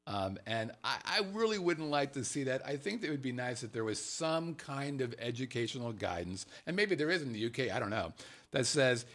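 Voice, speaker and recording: A man's voice: mid-range voice, fairly bright tone. A man hosting a casual talk show, swearing freely and acting out quotes in funny voices. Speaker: podcast host. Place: Las Vegas.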